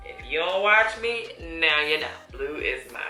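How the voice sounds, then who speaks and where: A woman's voice: deep voice, lively intonation, normal speed, pushed and bright. A woman in her thirties chatting casually while doing her makeup, laughing often and using folksy slang. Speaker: beauty vlogger. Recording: echoey room with faint music.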